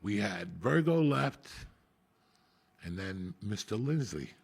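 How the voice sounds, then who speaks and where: A man, hosting a podcast and telling a profane, animated story. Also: lowish voice, takes it slowly, vocal fry, breathy edge. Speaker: podcast host. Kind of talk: storytelling chat.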